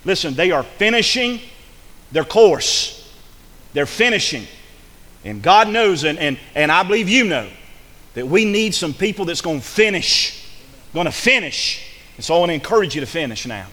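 A man's voice: high-pitched, big pitch swings, normal speed, pauses often, sharp tone, long reverb tail. A male pastor, preaching a fervent sermon full of repeated phrases and restarts.

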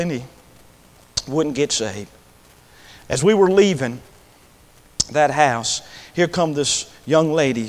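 Preacher telling a testimony. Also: male voice, mid-range voice, slight background noise. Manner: storytelling preacher, rises to impassioned pleading. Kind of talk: sermon testimony.

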